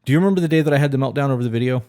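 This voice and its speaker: A man's voice: mid-range voice, racing, dark tone, smooth. A man co-hosting a podcast, talking frankly and questioningly in casual chat, swearing freely. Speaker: podcast co-host.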